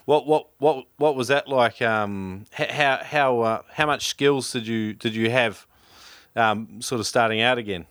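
A man from New Zealand hosting a podcast, talking in a relaxed, chatty way with lots of ums and restarts. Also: mid-range voice, a little slow, clear, resonant tone, no room sound, clean studio sound. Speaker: podcast host. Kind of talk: casual interview chat.

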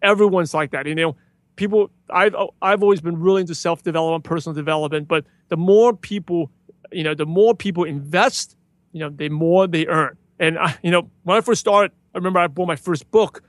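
A man as a guest in a casual interview, talking enthusiastically and acting out greetings with animated emphasis. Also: on the high side, fairly quick, no echo. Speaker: podcast guest, podcaster.

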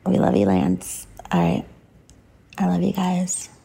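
A woman's voice: very animated, slow pace, mellow, slight background noise. A woman hosting a podcast, recapping her day in a chatty, gushing way with many fillers, tired and about to go to bed. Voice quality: low creaky vocal fry. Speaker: podcast host. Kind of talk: casual late-night recap monologue.

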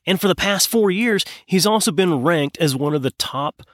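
A man hosting a business podcast, telling a story in an emphatic way with dramatic pauses. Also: high-pitched, animated, a bit bright, dry recording, studio quality. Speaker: podcast host. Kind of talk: scripted podcast intro monologue.

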